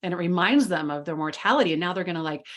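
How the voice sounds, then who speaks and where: A woman's voice: lowish voice, expressive, racing. A woman hosting a casual group discussion on a video call, chatty, with frequent fillers and easy laughter. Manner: chatty, laughs often, many "like" and "you know" fillers. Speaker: mastermind group host.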